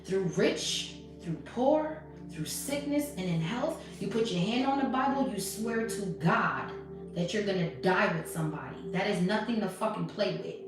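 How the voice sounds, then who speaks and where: A woman's voice: medium pitch, expressive, moderate pace, heavy reverb, far from the mic, over music. A woman giving blunt, profane spiritual commentary as a tarot reader, acting out quoted conversations. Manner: blunt, profane, preachy, acts out quoted exchanges.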